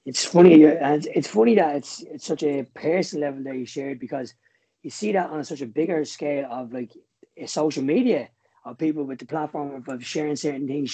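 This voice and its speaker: A man, a poet guest on a podcast, speaking earnestly in quick, tumbling phrases. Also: fairly high pitch, mellow, breathy edge, rough recording. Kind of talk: casual podcast conversation.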